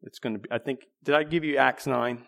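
A man preaching a sermon in a conversational way, restarting phrases and clearing his throat now and then. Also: medium pitch, fairly even intonation, brisk, a bit bright.

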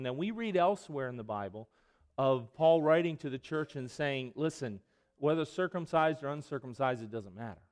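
A man preaching a sermon as pastor, moving from conversational asides to the congregation into emphatic, loud passages when he quotes scripture. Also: mid-range voice, lively intonation, normal speed.

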